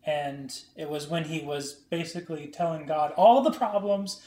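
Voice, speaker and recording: Male co-host, slightly higher voice, soft-spoken and easygoing, roomy recording. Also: normal speed. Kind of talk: casual chat. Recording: echoey room.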